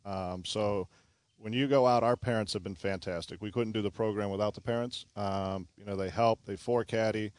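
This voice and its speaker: A man's voice: lowish voice, fairly even intonation, normal speed, smooth, dry recording. A man, a club golf pro explaining his junior program as a radio guest, with many fillers. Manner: friendly, filler-heavy explanations.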